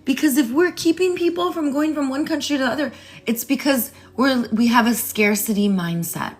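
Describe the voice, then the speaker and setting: A woman's voice: sits high, moderate pace. A woman vlogging in a rambling, playful rant that sometimes drops into a whisper. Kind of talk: casual rant to camera.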